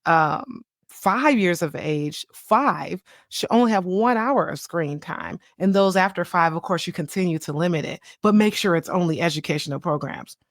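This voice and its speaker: A woman in her thirties hosting a podcast as a child psychiatrist, talking in a chatty, animated way and laughing easily. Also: on the low side, moderate pace, hardly any pauses, no echo, studio quality. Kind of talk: casual solo podcast talk.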